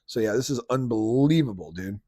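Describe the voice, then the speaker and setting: A man's voice: mid-range voice, expressive, brisk, dark tone, no room sound. Male podcast host, dry close mic, incredulous ranting commentary. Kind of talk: casual commentary.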